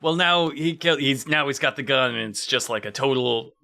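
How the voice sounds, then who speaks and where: A man's voice: mid-range voice, normal speed, gravelly, pushed and bright. A man co-hosting a comedy podcast, rambling and joking about a film while acting out bits of dialogue. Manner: rambling, joking, acts out lines. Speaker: podcast co-host. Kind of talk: casual comedic movie discussion.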